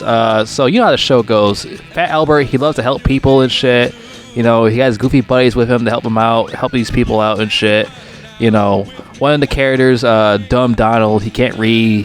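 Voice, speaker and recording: A low-pitched man rambles through a movie review, swearing freely and drifting off-topic. His voice jumps sharply upward when he gets worked up, with faint music playing softly behind him. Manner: profane, rambling, digressive; exasperated outbursts with pitch jumps.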